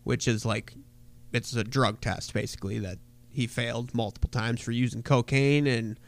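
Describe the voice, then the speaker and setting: A podcast co-host telling a wrestling story in casual, profane chat, full of fillers. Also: male voice, mid-range voice, steady tone, moderate pace.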